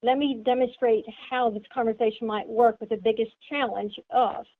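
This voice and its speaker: A woman's voice: a little high, steady tone, moderate pace, hardly any pauses. A woman giving an instructional seminar talk, explaining step by step and acting out sample greetings. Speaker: seminar presenter. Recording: tinny phone-like sound.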